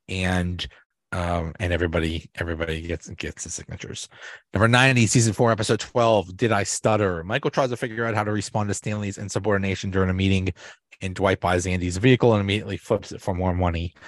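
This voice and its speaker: A man's voice: fairly low pitch, dry recording, studio quality. A man hosting a podcast, recapping TV episodes in a casual, rambling way with lots of fillers and restarts. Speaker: podcast host.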